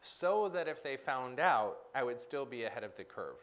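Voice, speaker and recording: Lively-voiced man coaching with probing questions. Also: mid-range voice, normal speed. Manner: reflective, probing questions with frequent affirmations. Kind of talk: live-stream coaching conversation.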